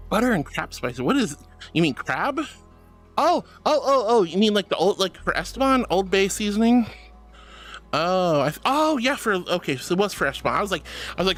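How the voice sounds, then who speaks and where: An affectionate woman streamer chats casually and reads out her live chat, calling viewers sweetie and honey. Her bubbly voice is lively and jumps up and down in pitch. Soft music plays faintly underneath.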